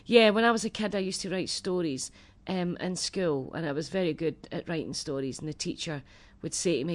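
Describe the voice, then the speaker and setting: A woman's voice: low voice, expressive. Glaswegian comedian lady, 40s, chatty and self-mocking on a radio interview. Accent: Glaswegian Scottish. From Scotland. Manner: chatty, quick-witted, self-deprecating. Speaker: comedian guest. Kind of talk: casual radio interview chat.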